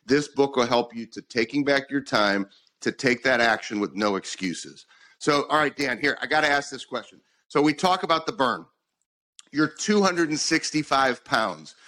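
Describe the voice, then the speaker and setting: A man's voice: mid-range voice, lively intonation, moderate pace, pushed and bright. A man hosting a podcast interview, talking in an emphatic, motivational way and repeating points for emphasis. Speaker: podcast host.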